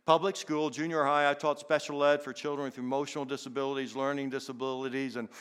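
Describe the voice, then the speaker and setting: A man's voice: mid-range voice, level tone, quick pace, smooth. An older man preaching a sermon as a pastor, telling personal stories in an earnest way and often repeating words as he goes. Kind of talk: sermon storytelling.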